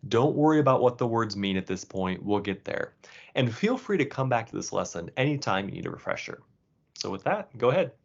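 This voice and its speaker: A man explaining pronunciation as a course instructor, in a relaxed, casual way. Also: mid-range voice, fairly quick, vocal fry. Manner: casual, with fillers and restarts. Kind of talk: explanatory lesson narration. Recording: dull lo-fi sound.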